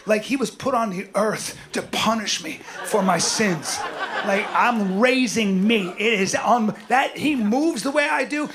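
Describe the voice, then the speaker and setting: A middle-aged man performing a swaggering stand-up comedy set on stage, often shouting his punchlines. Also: sits high. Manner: loud, swaggering, punchy delivery with frequent shouting. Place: stage before a live audience. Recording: live show with audible audience noise.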